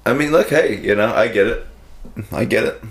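A man co-hosting a podcast, cracking dry, deadpan, self-mocking jokes. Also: mid-range voice, normal speed. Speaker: podcast co-host. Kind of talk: crude casual chat. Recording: echoey room with faint noise.

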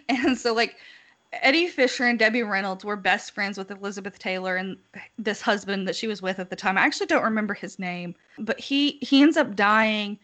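A woman's voice: medium pitch, moderate pace, fairly bright tone. A woman casually chatting as a podcast co-host, laughing often as she retells what she has heard. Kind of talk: casual chat.

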